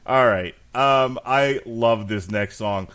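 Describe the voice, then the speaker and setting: A man's voice: mid-range voice, slow pace, a bit bright, slight background noise. A man hosting a podcast, reviewing an album in casual chat, blunt and crude, laughing often. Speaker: podcast host.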